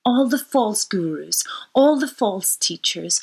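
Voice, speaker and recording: The astrologer's voice is medium-pitched, expressive, creaky, husky and a little mellow, and she takes her time. Captured on a low-quality recording, her storytelling on myth and astrology rambles personally and sometimes drops to nearly a whisper.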